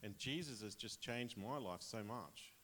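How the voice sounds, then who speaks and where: A man's voice: lowish voice, lively intonation, a little slow, fairly bright tone. An Australian man casually sharing a personal testimony with his church, chatty and rambling, often laughing.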